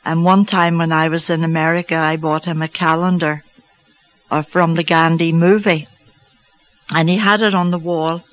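A woman telling a personal faith story to an audience, slow and reflective with gentle humour. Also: deep voice, steady tone, rough recording. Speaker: speaker giving a faith testimony.

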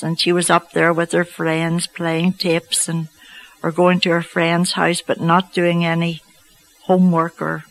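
A woman telling a personal faith story to an audience, slow and reflective with gentle humour. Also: fairly low pitch, rough recording. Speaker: speaker giving a faith testimony.

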